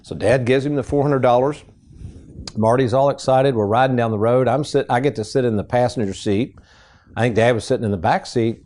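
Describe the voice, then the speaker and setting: A middle-aged man hosting a financial radio show, telling folksy stories in a casual, animated way. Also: mid-range voice, a little fast. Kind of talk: casual radio chat and storytelling.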